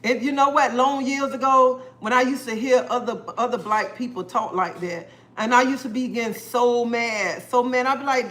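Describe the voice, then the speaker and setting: Lady going live, earnest and preachy, says stuff over and over, bright sharp tone. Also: on the high side, moderate pace, few pauses. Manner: earnest, preachy, repeats herself; greets viewers by name between points. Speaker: livestream host. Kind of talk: casual livestream talk.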